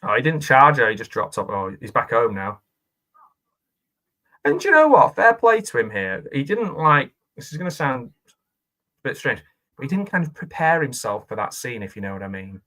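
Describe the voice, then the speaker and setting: A man's voice: mid-range voice, sing-song, normal speed, bright, forceful tone. A man giving casual, rambling reaction commentary on a film, chatting and laughing as he goes. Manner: chatty and rambling, with frequent laughs and self-questioning asides.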